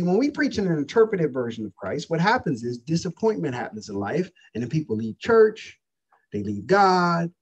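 A man's voice: on the high side, breathy edge. A man preaching a sermon, calling out questions to his congregation. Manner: preaching with call-outs to the congregation. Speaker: pastor.

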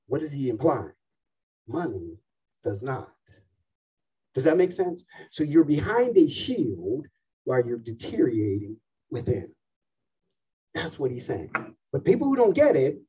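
A husky-voiced man in his fifties preaching a sermon, emphatic and full of rhetorical questions. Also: a little high, dark tone, recorded from a distance, lo-fi sound. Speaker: pastor.

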